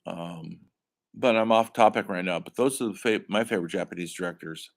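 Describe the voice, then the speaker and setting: A man's voice: low-pitched, a little fast, vocal fry. A man teaching a film studies class in a rambling, enthusiastic way, with many fillers and restarts. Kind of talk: casual classroom lecture.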